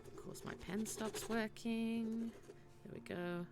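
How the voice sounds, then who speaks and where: A woman's voice: fairly high pitch, steady tone, slow pace, background noise. A woman live-streaming a game, chatting casually and thinking aloud in a chatty, self-deprecating way. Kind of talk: casual gaming stream chat.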